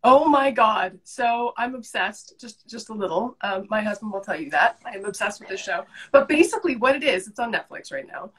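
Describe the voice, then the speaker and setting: A young woman from Canada, talking fast and eagerly as a guest on a live video call. Her voice is husky and a little breathy. She sits at a middle pitch and rarely lets a pause sit. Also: animated, fairly bright tone. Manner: chatty, enthusiastic. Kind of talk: casual chat.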